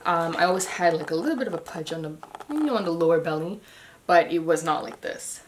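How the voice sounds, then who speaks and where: Young woman talking to camera, kinda low voice, a bit out of breath, rambly with lots of ums. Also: expressive, fast, slight background noise. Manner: chatty, loose, lots of ums and restarts. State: short of breath. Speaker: vlogger. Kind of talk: casual pregnancy update vlog.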